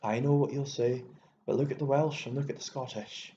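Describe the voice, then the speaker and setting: A man with an Irish accent voicing a hot-tempered, bitter old landowner who wheezes and bursts into scornful shouting, on a dull recording with faint hiss. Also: medium pitch, fairly even intonation, brisk, voice pushed up, close to an everyday voice. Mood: contemptuous.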